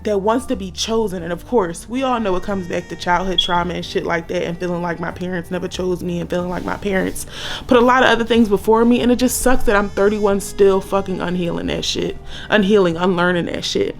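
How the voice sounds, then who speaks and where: A woman's voice: medium pitch, a little fast, soft background music. A woman in her thirties talking candidly and emotionally in a personal vlog, blunt and swearing often. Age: 30s. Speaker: vlogger.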